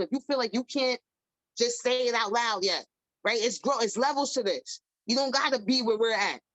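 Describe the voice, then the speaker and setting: A woman, hosting an emphatic, animated motivational talk. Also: high-pitched, no echo, rough recording. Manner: animated, emphatic, repeats herself. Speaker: podcast host.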